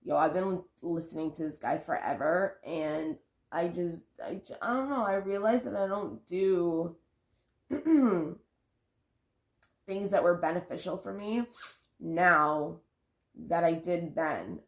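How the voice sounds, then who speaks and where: A woman's voice: on the low side, takes it slowly, reverberant. A woman talking casually to her vlog camera about spiritual growth, rambling and correcting herself as she goes. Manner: rambling, self-correcting, sighs and laughs. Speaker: vlogger.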